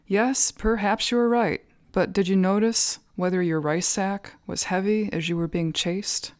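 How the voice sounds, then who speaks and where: A woman voicing an old male Zen master who answers his student in short, calm, teasing lines in a spoken story. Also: mid-range voice, a little slow, no room sound, clean studio sound, natural voice. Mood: wry.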